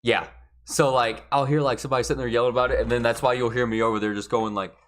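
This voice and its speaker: A man's voice: mid-range voice, fairly even intonation, quick pace, a bit bright. A man in a casual podcast chat. He is laid-back and hesitant and fills his talk with "like".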